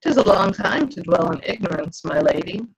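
A wheedling male spirit speaks in old-fashioned, theatrical phrases, as a woman reads him aloud. The voice is husky with a gravelly rasp, and the audio sounds dull and lo-fi. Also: medium pitch, lively intonation, moderate pace, heavily acted. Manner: archaic, coaxing, theatrical. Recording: dull lo-fi video call audio.

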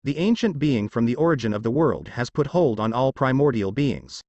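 Motherly goddess, gentle and guilt-laden, a man reading her lines. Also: medium pitch, animated, normal speed, no room sound, highs cut off, natural voice. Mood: guilty, sad. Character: gentle motherly female earth goddess, tiny fairy form.

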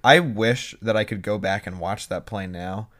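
A young man co-hosting a podcast, chatting casually and telling animated stories. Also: lowish voice. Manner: animated storyteller, quick bursts and impressions. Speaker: podcast co-host. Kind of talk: casual chat.

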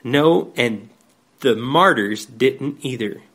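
Slow, measured male preacher. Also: mid-range voice, expressive, fairly bright tone. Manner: slow, measured reading with scripture quotes. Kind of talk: devotional sermon.

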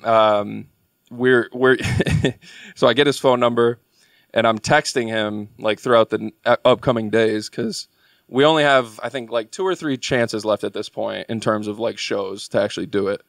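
A man's voice: lowish voice, steady tone, moderate pace, creaky, fairly bright tone, no room sound, clean studio sound. A young man, a podcast guest, telling a long story in a rambling, casual way with lots of filler words. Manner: rambling, filler-heavy delivery.

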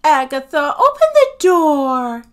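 A woman's voice: high-pitched, big pitch swings, slow pace, voice pushed up, exaggerated voice. A woman doing a cooing, vain teenage girl. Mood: pleading. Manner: cooing, sweet-talking.

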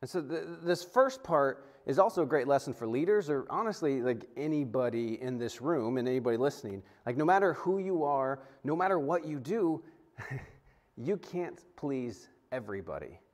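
The pastor here has a medium-pitched voice and a moderate pace. His sermon is conversational and animated, marked by repeated restarts, stumbles, and acted-out quotes.

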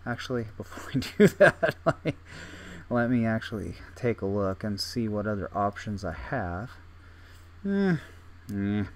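A man's voice: on the low side, very animated, measured pace, a little hiss or hum. A young man casually thinking aloud while playing a game, self-mocking and full of restarts. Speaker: gaming video host. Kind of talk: casual gameplay commentary.

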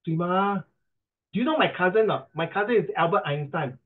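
Chatty Singaporean tutor, middle-aged man, higher pitched, heard through a thin call connection. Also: animated, a little fast. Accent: Singaporean English. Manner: chatty, teasing, mixes in Mandarin. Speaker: English pronunciation tutor. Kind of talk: online class coaching. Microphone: video call. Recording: tinny video call line.

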